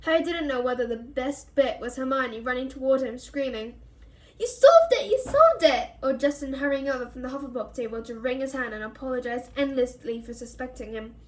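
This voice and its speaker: A woman reading a novel aloud for a reading club, expressive and giving each character a voice. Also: high voice, a little fast. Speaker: reader.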